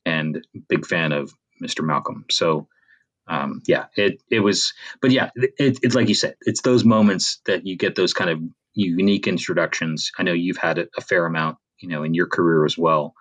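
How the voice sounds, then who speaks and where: A man's voice: deep voice, normal speed, fairly bright tone. A Canadian-born man co-hosting a podcast in casual chat, rambling with many fillers and restarts. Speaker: podcast co-host.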